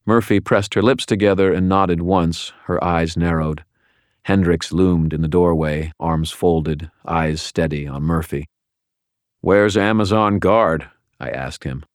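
A man's voice: low-pitched, steady tone, measured pace, darkish tone, clear, resonant tone, no echo. A man reading a first-person audiobook aloud in a wry, dry style. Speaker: audiobook narrator.

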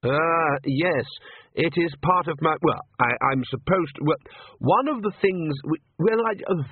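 A man's voice: fairly high pitch, measured pace, husky, no room sound, pitched above the performer's own voice. A man voicing a nervous, awkward young priest who stammers and fumbles for words. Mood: flustered. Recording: tinny phone-like audiobook recording.

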